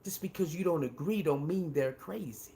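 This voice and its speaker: A man talks through a casual commentary segment, informal and full of slang. His voice sits a little high for a man. He presses his points hard and repeats phrases for emphasis. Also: normal speed, creaky, warm tone, slight background noise. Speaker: commentary channel host.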